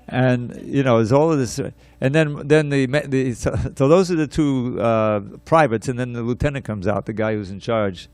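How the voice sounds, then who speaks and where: A man giving a scripture class, telling a story in an animated way, repeating words and restarting his sentences. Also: mid-range voice, a little fast, hardly any pauses, no echo.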